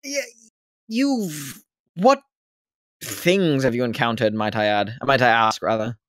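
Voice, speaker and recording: A rambling, fussy slave-owner with a British accent, as a man puts him on for a tabletop game. He talks formally in a middle-pitched voice and wanders off topic. The sound is dry and close, with no room around it. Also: lively intonation, slow, fairly bright tone, dry recording. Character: rambling male former slave turned wealthy slave-owner. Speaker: non-player character. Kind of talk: tabletop role-play voicing.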